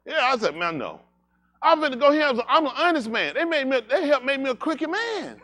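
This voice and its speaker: Animated man preaching with comic stories. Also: moderate pace. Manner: animated, jokey, slips into high-pitched voices for characters. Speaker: pastor. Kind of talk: comedic storytelling sermon.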